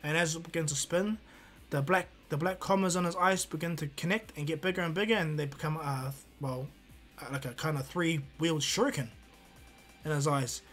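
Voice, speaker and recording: A man's voice: on the high side, brisk, fairly bright tone, soft background music. A man casually telling an improvised fan-fiction story, rambling with many restarts.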